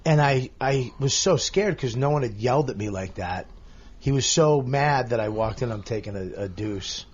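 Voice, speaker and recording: A man telling a personal story in a casual chat, earnest and halting, restarting his sentences. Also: medium pitch, animated, husky, dull audio. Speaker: radio host and podcast guest.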